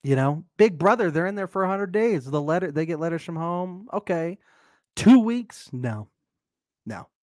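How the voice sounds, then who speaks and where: An easygoing man co-hosting a podcast, his voice a bit higher than most men's. He chats in an agreeable way and chuckles often, and the sound is dry and close. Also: animated, normal speed, darkish tone, dry recording. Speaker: podcast co-host. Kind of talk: casual chat.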